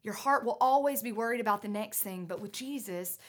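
A woman preaching a sermon, out of breath, earnest and emphatic, moving between loud urging and hushed lines. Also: mid-range voice, brisk.

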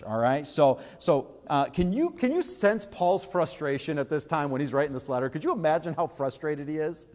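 Animated preaching man in a reverberant hall. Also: fairly high pitch. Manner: animated, conversational preaching with restarts and rhetorical questions. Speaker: pastor. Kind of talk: sermon.

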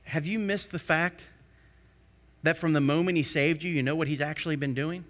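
Forceful preacher man with a bright voice. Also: fairly even intonation, normal speed. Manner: asks the congregation rhetorical questions; builds to emphatic peaks then drops low. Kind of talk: sermon.

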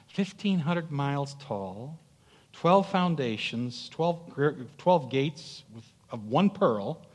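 A man preaching a sermon as pastor, emphatic, swelling to loud peaks and stumbling through fillers. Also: medium pitch. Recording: long hall reverb.

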